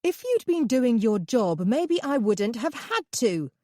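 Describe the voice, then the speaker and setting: An indignant woman therapist, as a woman narrator puts her on, hurls sharp, outraged protests in a lowish, mellow voice. The sound is dry and close. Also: animated, moderate pace, no echo. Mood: furious.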